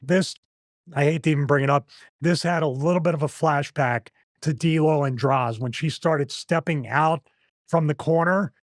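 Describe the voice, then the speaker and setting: A man's voice: fairly high pitch, moderate pace, dry recording. A middle-aged man hosting a podcast, telling anecdotes in a loose, chatty way and laughing between stories. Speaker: podcast host. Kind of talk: casual podcast chat.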